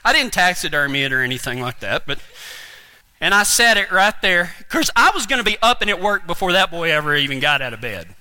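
Preacher guy, high bright voice, bouncing all over, folksy and funny. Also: a little fast. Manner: animated, comic, folksy. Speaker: pastor. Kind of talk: humorous storytelling sermon.

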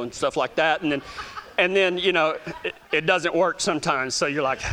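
High-voiced Texan man telling folksy stories. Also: a bit bright. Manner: folksy and self-joking, with frequent stammered restarts. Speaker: speaker addressing a gathering. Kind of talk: casual storytelling talk to an audience.

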